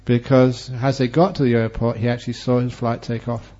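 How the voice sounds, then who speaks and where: A man who is a Buddhist monk teacher, giving a Dharma talk and telling stories with humor and lively, varied delivery. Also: mid-range voice, fairly quick. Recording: dull lo-fi recording.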